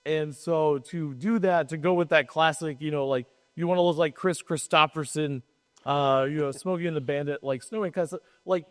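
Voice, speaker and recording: A man co-hosting a casual panel talk at a trade show, quick and joking, with sarcastic asides. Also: fairly high pitch, fairly even intonation. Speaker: podcast co-host. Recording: long hall reverb.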